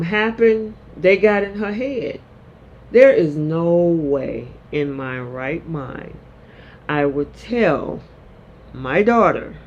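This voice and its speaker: A man hosts a live-chat recap of the soaps, addressing his viewers like friends. He talks in an animated way, with a fairly high voice. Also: lo-fi sound, slight background noise. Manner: animated, talking to viewers, acting out quotes. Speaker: soap opera recap host. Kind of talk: casual live-chat soap opera recap.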